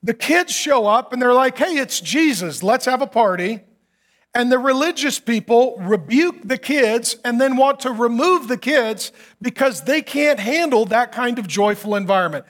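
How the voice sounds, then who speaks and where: A middle-aged man preaching a sermon as a pastor, telling stories with animated acted quotes and humor. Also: very high voice, moderate pace, few pauses.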